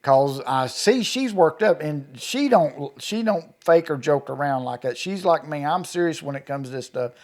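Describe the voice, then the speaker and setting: A man's voice: a little high, animated, normal speed, few pauses, darkish tone. A middle-aged man, telling a story in a folksy, rural way and acting out what people said. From Kentucky. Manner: folksy rural storyteller, acts out quoted dialogue. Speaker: eyewitness guest. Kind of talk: storytelling interview.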